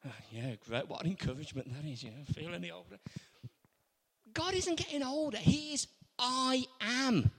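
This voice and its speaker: A man preaching a sermon, animated, acting out quoted lines in different voices. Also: extremely high pitch, moderate pace, breathy edge. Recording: long hall reverb.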